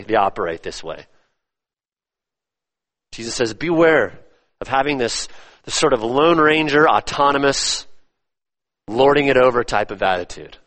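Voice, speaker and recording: A man preaching a sermon, emphatic, repeating his phrases and swinging between loud stresses and hushed drops. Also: mid-range voice. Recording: long reverb of a church hall.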